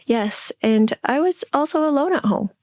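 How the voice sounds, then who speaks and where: A woman's voice: high voice, animated, darkish tone, dry recording. Candid middle-aged woman, dry close sound. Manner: reflective, halting, with restarts. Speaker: podcast co-host. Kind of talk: candid podcast conversation.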